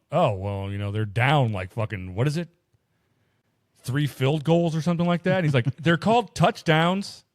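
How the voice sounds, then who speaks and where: A man's voice: fairly low pitch, dry recording, studio quality. A man co-hosting a podcast, casually telling stories full of swearing and acted-out quotes. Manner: profane, animated storytelling with voiced quotes. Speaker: podcast co-host. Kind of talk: casual chat.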